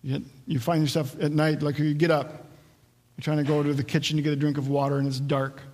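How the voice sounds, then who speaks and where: Pastor, male, slightly higher voice, preaching a sermon with a long hall echo. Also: flat delivery, fast, a little mellow. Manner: expository preaching, acts out quoted voices.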